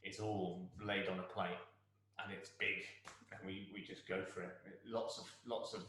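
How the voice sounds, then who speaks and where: Brief: male conductor, lowish voice, encouraging, sings the odd phrase, strongly reverberant room. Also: flat delivery, normal speed, pushed and bright, a little hiss or hum. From England. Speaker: orchestra conductor. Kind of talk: rehearsal guidance to musicians. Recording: very echoey room.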